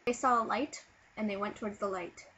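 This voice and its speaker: Sick woman vlogger, mid-range voice, rambling and animated, dull webcam audio. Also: medium pitch, fairly quick, breathy edge. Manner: silly, animated, with sudden loud bursts. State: sick, low on energy. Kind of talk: casual rambling storytelling to camera.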